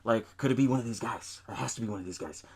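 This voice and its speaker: A man's voice: on the low side, quick pace, husky. A man hosting a podcast, recapping a film in loose casual chat, swearing often, laughing and acting out lines from scenes. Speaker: podcast host.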